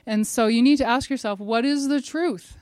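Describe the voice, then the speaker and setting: A middle-aged woman giving a religious devotional talk, telling a personal story in a lively way and speaking straight to her listeners. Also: on the high side, normal speed, no room sound. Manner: animated storyteller who acts out quotes and speaks directly to her listeners.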